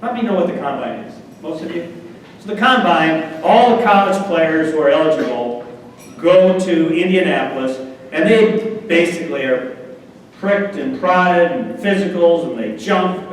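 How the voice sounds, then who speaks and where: A middle-aged man telling sports anecdotes as a guest speaker at a club meeting, acting out the voices of the people in his stories. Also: a little high. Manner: animated anecdotes, acts out quoted voices. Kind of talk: after-dinner storytelling. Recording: echoey hall, distant mic, faint noise.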